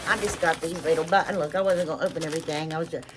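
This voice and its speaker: A woman with a slightly low voice talks her viewers through a craft project in a loose, rambling way. She chats straight to the camera as she works and unboxes. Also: steady tone, racing, slight background noise. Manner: chatty and rambling, addresses viewers directly. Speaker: craft vlogger. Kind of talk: casual tutorial and unboxing chat.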